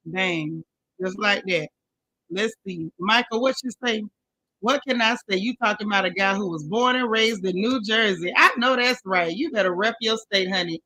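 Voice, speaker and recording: A woman's voice: mid-range voice, normal speed, sharp tone, rough recording. A woman hosting a casual live stream, chatting with viewers and greeting each one by name in folksy slang.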